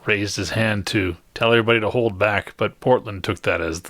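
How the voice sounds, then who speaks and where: Male GM, low voice, unhurried wry delivery, dry close mic. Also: fairly even intonation, fairly bright tone, no room sound. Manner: slow, wry narration with puns and laughs. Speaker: game master. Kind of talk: narrating a tabletop game.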